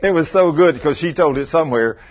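Male pastor, husky folksy storyteller, slightly raised pitch, dull lo-fi church recording. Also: fairly quick.

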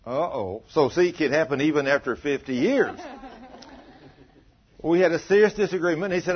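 A man with a fairly high voice preaches with swooping, expressive intonation, tossing questions out to the congregation between points. The recording is dull and muffled, with a lo-fi church-tape quality. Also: moderate pace, pauses often, husky. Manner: animated storytelling preacher, calls out questions to the congregation. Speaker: pastor. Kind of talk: sermon.

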